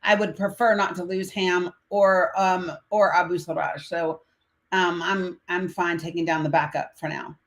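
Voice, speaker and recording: With a fairly low pitch, fairly even intonation and an unhurried pace, this American woman hosts a livestream panel. She begins casually but becomes impassioned and profane as she builds into outrage.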